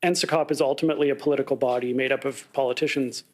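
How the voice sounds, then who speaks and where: A man's voice: mid-range voice, steady tone, quick pace, darkish tone. A male reporter at a press conference asking a pointed question.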